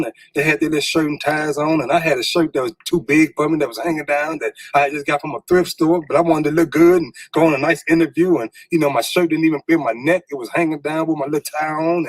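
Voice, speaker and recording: A man's voice: fairly high pitch, no room sound, low-quality recording. A middle-aged man, candidly telling a personal story in informal speech, stumbling over repeated words when stirred up.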